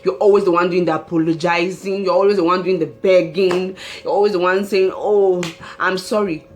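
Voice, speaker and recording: A woman's voice: on the low side, fairly even intonation, a little fast, faint music behind. Emphatic woman giving relationship advice. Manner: emphatic, repeats key phrases. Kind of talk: advice monologue.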